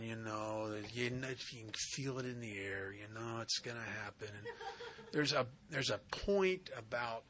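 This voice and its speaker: A man speaking at a recovery retreat, telling funny stories in an animated, joking way with slangy asides. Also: mid-range voice. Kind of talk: humorous storytelling talk. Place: retreat center meeting.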